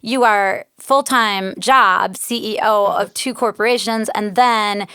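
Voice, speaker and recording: A woman's voice: mid-range voice, steady tone, slow pace, bright, forceful tone, clean tone, no echo. A woman hosting a podcast interview, bubbly and friendly, laughing easily as she talks casually. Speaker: podcast host.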